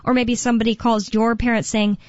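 A young woman co-hosts a talk radio show and rambles casually, thinking out loud with plenty of fillers. Her voice sits a little high. The sound is dry and somewhat dull and lo-fi. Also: flat delivery, fairly quick, no room sound.

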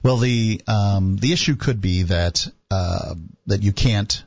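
Measured low-voiced man co-host. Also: a little mellow, no echo. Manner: measured, explains with pauses and hesitations. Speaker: radio talk show co-host. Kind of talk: casual radio chat. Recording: dull dry studio sound.

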